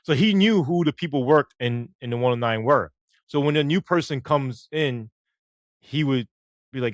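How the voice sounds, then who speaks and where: A middle-aged man, a former police officer telling stories in an interview, animated and swearing casually as he acts out the dialogue. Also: mid-range voice, moderate pace, long pauses, no echo. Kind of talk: storytelling interview.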